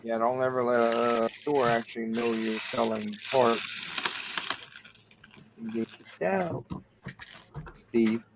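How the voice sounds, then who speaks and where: A man's voice: mid-range voice, steady tone, slow pace, gravelly, pauses often, noisy background. A man with a Southern US accent, hosting a casual livestream chat with friends, joking and teasing. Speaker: livestream host.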